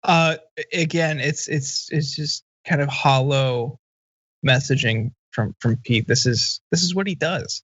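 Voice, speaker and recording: A man in his thirties, a guest on a political commentary show, talking bluntly and dismissively, with halting restarts. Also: medium pitch, fairly bright tone, slightly rough, no echo, lo-fi sound.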